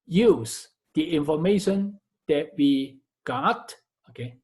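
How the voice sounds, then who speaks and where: Slow, methodical male math instructor. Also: on the high side, animated, a little mellow. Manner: slow and methodical, repeats and corrects phrases. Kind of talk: recorded math lecture.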